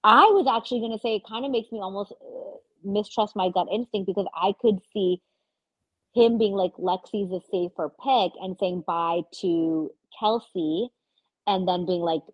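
A woman's voice: mid-range voice, moderate pace, no echo, muffled recording. A young woman co-hosting a podcast in casual chat, ranting heatedly, swearing and acting out quotes. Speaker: podcast co-host.

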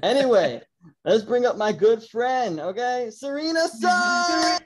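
A man's voice: sits high, lively intonation, measured pace, a little mellow. A man hosting a casual podcast, laid-back and often trailing off with "anyway". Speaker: podcast host. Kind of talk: casual chat.

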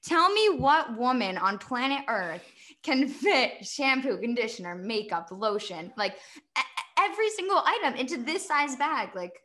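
A young woman, a podcast guest, telling stories in a chatty, animated way and laughing often. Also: a little high, moderate pace. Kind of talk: casual podcast chat.

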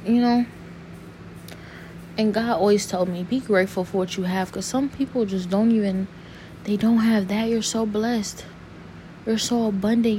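A young woman talking to camera in an earnest, saddened personal monologue, halting and restarting as she searches for words. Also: medium pitch, dark tone, slight background noise. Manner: rambling, halting, full of restarts and fillers.

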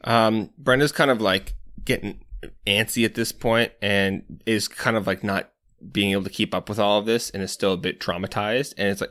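Game master, a man with a lowish voice, relaxed and prompting. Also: moderate pace. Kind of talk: running a tabletop game.

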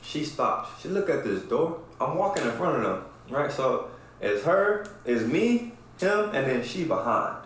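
A man's voice: mid-range voice, a little slow, slight background noise. Profane storytelling man, echoey room. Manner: profane, animated, keeps asking "right?". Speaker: podcast host. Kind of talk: casual storytelling chat.

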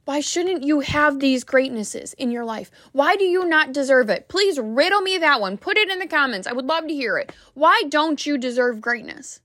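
A woman's voice: high-pitched, expressive, moderate pace, few pauses, fairly bright tone, no room sound, clean studio sound. A woman wellness coach giving a heartfelt, emphatic motivational talk to the camera.

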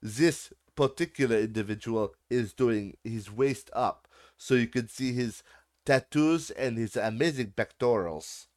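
A man's voice: mid-range voice, a little mellow, close to an everyday voice. A man putting on an accent to play a pompous, lecturing film expert. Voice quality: put-on accent. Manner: lecturing, drawn-out.

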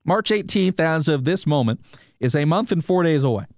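He speaks on the high side at a normal speed, with no room sound and a studio-quality recording. The man is a sports radio host doing a solo sports podcast, animated and rhetorical as he rants and talks straight to listeners.

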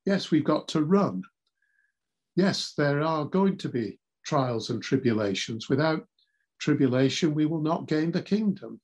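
A man preaching a sermon in a measured, earnest way, reading scripture aloud. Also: fairly high pitch, lively intonation, darkish tone.

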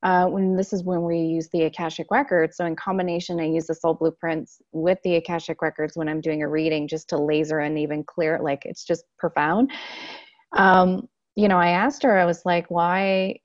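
Animated woman with a dull, dry sound. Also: on the low side, normal speed, no echo. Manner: animated storyteller, acts out quotes. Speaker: guest, Akashic Records consultant. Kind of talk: casual interview chat.

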